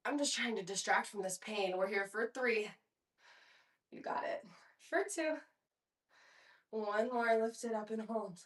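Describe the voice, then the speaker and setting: A woman's voice: mid-range voice, a little slow, long pauses, a bit bright. A young woman guides a mat pilates workout, counting down reps and tossing in encouragement while she is audibly short of breath. Her voice sits mid-range and sounds a little distant from the mic, with noticeable echo off the room. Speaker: pilates instructor.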